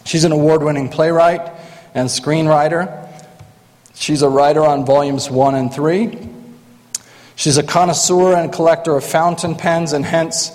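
A man's voice: on the high side, fairly even intonation, measured pace, a little mellow. A man introducing panel members with dry joking asides, in a large hall. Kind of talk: lighthearted introductions. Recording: long hall reverb.

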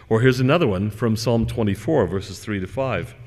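A man's voice: lowish voice, moderate pace, few pauses, darkish tone. A man giving a conversational religious lecture, telling stories and wandering through asides with fillers. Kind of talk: lecture with storytelling. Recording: long hall reverb.

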